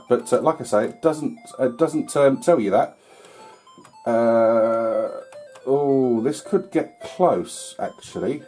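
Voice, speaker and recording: A man talks through an old computer game in a loose, rambling way, full of ums and the odd curse. His voice is mellow and relaxed, at a middling pitch. Faint game music plays behind him. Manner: rambling, filler-heavy, mild swearing. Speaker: retro gaming YouTuber. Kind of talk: casual gameplay commentary.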